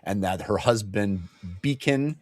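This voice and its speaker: Animated man, dry close sound. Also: lowish voice, measured pace, dry recording. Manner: animated, acts out characters in funny voices. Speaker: podcast co-host. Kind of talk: casual book discussion.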